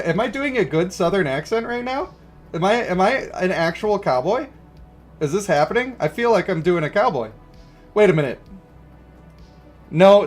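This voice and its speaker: Chatty male game streamer, fairly high voice. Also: expressive, normal speed, faint music behind. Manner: chatty, joking, greets viewers. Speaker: gaming streamer. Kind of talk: casual livestream commentary.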